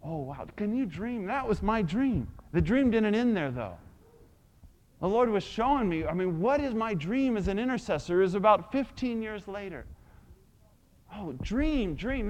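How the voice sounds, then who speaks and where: A male preacher telling a story in a sermon, swinging dramatically between hushed and loud. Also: sits high, expressive, normal speed.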